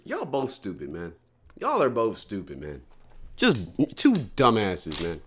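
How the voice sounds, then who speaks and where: A man's voice: lowish voice, wildly swooping pitch, unhurried, a bit bright, slight background noise. A man hosting a live stream, reacting to viewer stories in blunt, profane, incredulous casual talk. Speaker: streamer host.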